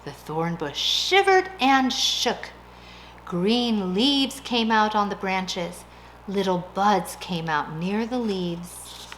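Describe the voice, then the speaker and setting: Woman, bedtime story reader, slow, lively pitch, gentle. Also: slight background noise. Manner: gentle, expressive, sing-song. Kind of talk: reading a picture book aloud to a child.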